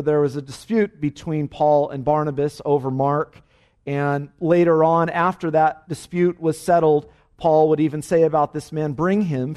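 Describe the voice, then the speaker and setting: A man, a pastor, teaching an evening Bible study in an emphatic, animated way, with frequent "uh" fillers. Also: on the high side.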